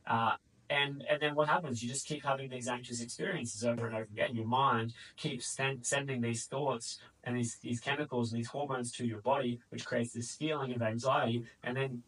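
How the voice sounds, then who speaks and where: Husky-voiced man coaching on anxiety. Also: mid-range voice, fairly even intonation, fairly quick, fairly bright tone, distant mic, low-quality recording. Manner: conversational, often tags lines with "right?" and "okay?". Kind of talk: direct-to-camera explainer.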